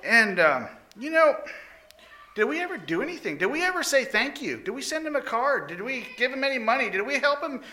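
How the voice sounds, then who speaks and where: A man voicing an impulsive ancient Persian king who fires off rapid, excited questions. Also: extremely high pitch, voice pushed up, full character voice. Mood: fretful.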